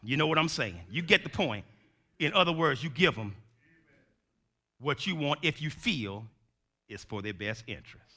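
Man, preacher, sermon, bright forceful tone, lively pitch, shouts then hushes. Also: normal speed, pauses often. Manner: call-and-response, swings from shouting to hushed.

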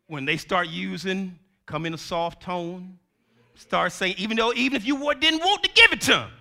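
A male preacher giving a sermon in call-and-response style, swinging from shouts to hushed tones. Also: high voice, gravelly.

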